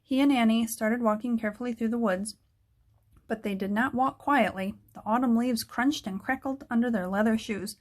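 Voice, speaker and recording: Woman reading a kids book out loud, steady, kinda high voice. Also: moderate pace. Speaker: narrator. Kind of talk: reading a children's book aloud.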